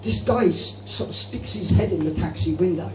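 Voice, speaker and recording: A man doing open-mic stand-up, telling stories in a rambling, self-deprecating way full of halting restarts. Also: high-pitched, slight background noise. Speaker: stand-up comedian. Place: open-mic comedy venue. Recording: echoey room, far from mic, loud music.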